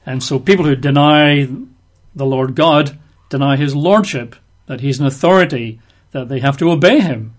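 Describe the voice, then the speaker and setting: A man's voice: medium pitch, normal speed. A man giving conversational Bible teaching, explaining verses with everyday examples.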